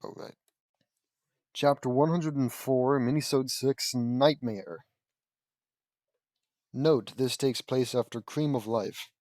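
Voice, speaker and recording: A man's voice: mid-range voice, slow pace, pauses often, a little mellow, no room sound. A man casually reading a fan story aloud, breaking off into rambling, self-correcting asides. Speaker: audiobook reader and commentator. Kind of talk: casual read-aloud with commentary.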